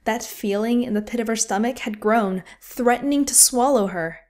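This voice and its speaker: A woman's voice: a little high, normal speed. Woman narrating a dramatic audiobook. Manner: expressive, vivid storytelling.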